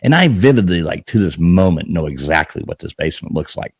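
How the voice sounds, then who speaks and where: A man with a deep voice that swings widely in pitch, hosting a casual live stream. He rambles through his stories with plenty of "you know"s and false starts. The sound is close and dry. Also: big pitch swings, fairly quick, breathy edge, no echo. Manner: rambling storytelling, many fillers and restarts. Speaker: host of a live paranormal talk stream. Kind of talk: casual chat.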